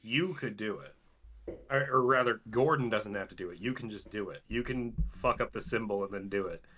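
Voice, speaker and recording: A man with a bright, sharp-edged voice jokes as a podcast guest. He builds silly hypotheticals step by step in a loose, drawn-out way. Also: lowish voice. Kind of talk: casual chat.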